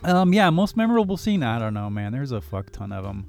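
A man's voice: medium pitch, brisk, vocal fry. A man co-hosting a casual movie podcast, talking animatedly and acting out his own reactions. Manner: animated, laughing, acts out reactions in quotes. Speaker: podcast co-host. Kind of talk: casual movie-discussion chat.

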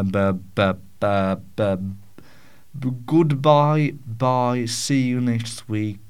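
A man hosting a podcast in a casual solo Q&A, rambling and self-mocking with frequent stammers and swearing, in a small home studio. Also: medium pitch. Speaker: podcast host.

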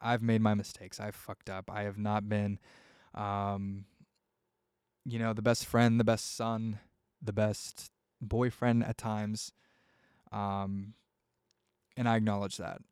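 A man's voice: fairly low pitch, flat delivery, takes it slowly, darkish tone, clean tone, dry recording, clean studio sound. A young man hosting his own podcast, talking casually and heartfelt with lots of fillers and swearing. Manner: rambling, heartfelt, swears freely, many fillers. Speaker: podcast host. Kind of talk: casual solo podcast talk.

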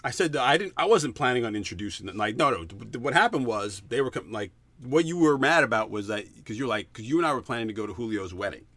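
A man co-hosting a chat show, telling a dating story in a casual way and acting out quotes with big jumps in pitch. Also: animated, fast talker, a bit bright, dry recording. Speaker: podcast co-host.

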